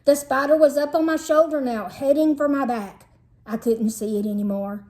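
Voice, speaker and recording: A woman, a teacher, reading a children's novel aloud in a lively storytelling manner. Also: sits high, moderate pace. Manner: lively storytelling, shifts into character voices. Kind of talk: expressive read-aloud narration.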